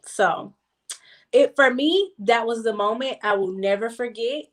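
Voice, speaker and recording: A woman's voice: a little high, unhurried. Emphatic woman telling a personal story. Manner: emphatic, repeats for stress. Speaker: guest. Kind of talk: casual group chat, personal story.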